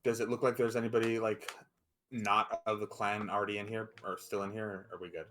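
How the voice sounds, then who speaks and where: A man's voice: on the low side, flat delivery, brisk, fairly bright tone, a little hiss or hum. A man playing in a tabletop game, casual and jokey, swearing now and then. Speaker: player. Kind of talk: tabletop role-play chat.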